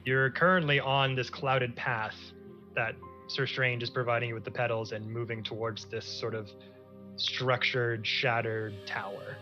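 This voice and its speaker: A man's voice: mid-range voice, unhurried, muffled recording, soft background music. A man running a tabletop game as game master, upbeat and laughing, steering the players along. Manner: lively, laughing, keeps the table on track.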